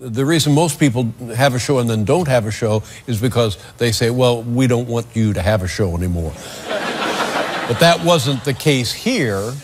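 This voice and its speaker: Male interviewer at mid pitch, calm and deliberate. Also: a loud crowd, very noisy. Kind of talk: formal interview questions.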